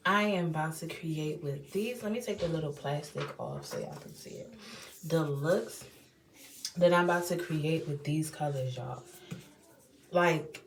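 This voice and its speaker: Animated young woman with a D.C. accent. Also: moderate pace, slight background noise. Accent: Washington D.C. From Washington, D.C. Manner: slangy, animated, big swings in pitch and loudness. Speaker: beauty vlogger. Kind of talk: casual unboxing chat. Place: home bathroom.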